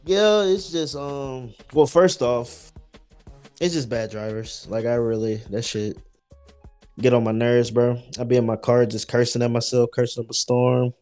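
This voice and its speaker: A man's voice: medium pitch, steady tone, measured pace, a little mellow, soft background music. A man co-hosting a podcast, telling stories in loose, profane casual chat. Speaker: podcast co-host.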